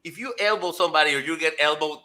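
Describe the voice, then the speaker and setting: A man's voice: fairly high pitch, fast talker, bright, forceful tone. A man from Mexico co-hosting a stream, trading crude jokes and laughing. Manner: laughing, joking. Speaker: stream co-host. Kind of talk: crude casual banter.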